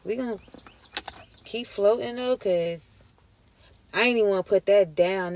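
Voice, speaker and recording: A woman's voice: on the low side, fairly even intonation, a little slow, long pauses, a little mellow. A woman giving a casual tarot reading to her viewers, emotional and emphatic, full of slang and direct address. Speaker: tarot reader.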